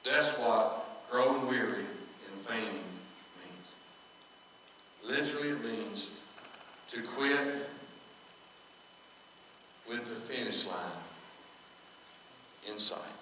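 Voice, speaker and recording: A man's voice: mid-range voice, takes it slowly, pauses often, bright, forceful tone, slight background noise. A man, a pastor preaching a sermon in a folksy, conversational storytelling way, acting out quoted dialogue. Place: church sanctuary. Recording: echoey hall, from far off.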